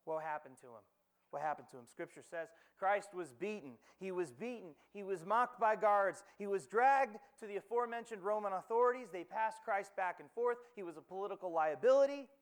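In a sermon, a preacher whose voice is notably high yet clear and resonant retells a scripture story with dramatic pauses, asking rhetorical questions and performing the quoted lines as he goes.

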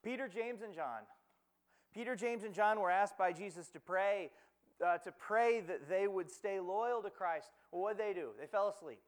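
A man preaching a sermon, retelling scripture with dramatic pauses, rhetorical questions and quoted lines. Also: sits high.

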